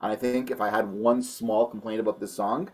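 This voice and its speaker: A man's voice: fairly low pitch, steady tone, a little fast, darkish tone. A man co-hosting a metal music show, chatting casually and hedging with many restarts as he reviews a song.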